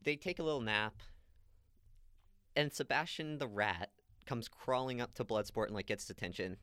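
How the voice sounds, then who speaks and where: A man's voice: mid-range voice, normal speed, pushed and bright, smooth, no room sound, studio quality. A man chatting casually as a podcast co-host, retelling movie scenes and quoting the characters. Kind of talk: casual chat recapping a movie.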